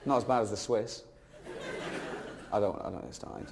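A middle-aged man doing a stand-up routine, sardonic and sweary, swinging into loud bits. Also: fairly low pitch, normal speed, long pauses, heavy background noise. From England. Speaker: stand-up comedian.

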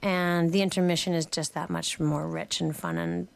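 Gravelly low woman telling frank stories. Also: normal speed. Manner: animated storyteller, acts out quotes in high squeals. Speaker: guest, sex educator. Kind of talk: candid casual chat.

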